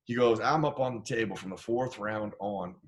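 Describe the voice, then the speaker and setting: A middle-aged man from Idaho, a former football player telling stories from his career as an interview guest, animated and acting out the people he quotes. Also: fairly low pitch, normal speed. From Idaho, USA. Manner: animated storyteller, acts out quoted voices. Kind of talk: casual storytelling interview.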